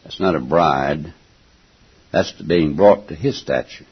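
An older man preaching a folksy, emphatic sermon, stopping now and then to clear his throat and going back over his words. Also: a bass voice, a little slow. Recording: dull lo-fi recording.

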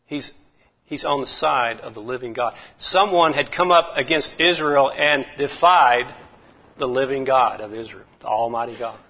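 A man preaching a folksy, animated sermon, chuckling as he goes. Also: medium pitch, normal speed. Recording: muffled lo-fi recording.

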